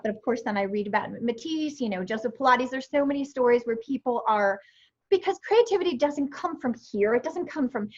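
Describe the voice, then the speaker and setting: A woman in her fifties telling her story as a guest in a casual interview, animated and acting out her own past remarks. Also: on the high side, fairly quick. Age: 50s. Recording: dull lo-fi sound.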